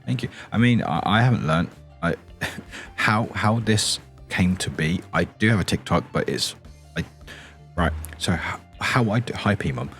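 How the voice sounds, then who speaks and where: Very deep-voiced British man, soft stream chat. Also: animated, measured pace, faint music behind. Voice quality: deep, quiet morning voice. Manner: rambling and giggly, reads and answers chat.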